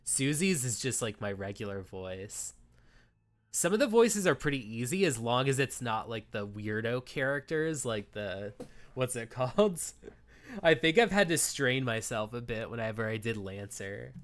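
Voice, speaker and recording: A man's voice: mid-range voice, lively intonation, normal speed. A young man streaming a visual novel, reading the story aloud and chatting in a rambling way with many fillers.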